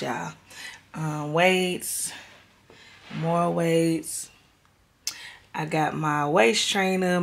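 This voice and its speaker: A woman's voice: low voice, creaky. A woman in her thirties talking candidly to her viewers in a casual home vlog. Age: 30s. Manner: candid, chatty, addresses viewers as y'all. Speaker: vlogger.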